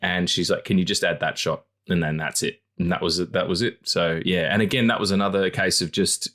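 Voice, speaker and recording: Deep-voiced man rambling casually. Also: steady tone, fairly quick, fairly bright tone. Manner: rambling, swears freely, acts out quotes in high voices. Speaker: podcast co-host. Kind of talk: casual chat.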